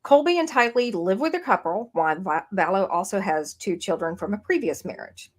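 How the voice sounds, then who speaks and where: A woman's voice: mid-range voice, lively intonation, brisk. A woman co-hosting a true-crime podcast, recapping a case in a rambling way with many fillers and restarts. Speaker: podcast co-host. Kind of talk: casual true-crime chat. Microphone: streamed podcast mic.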